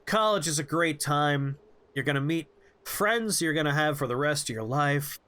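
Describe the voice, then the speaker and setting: A man's voice: fairly high pitch, expressive, moderate pace, bright, forceful tone. A man doing a chill, friendly businessman. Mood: easygoing. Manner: easygoing, encouraging. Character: relaxed friendly middle-aged male businessman.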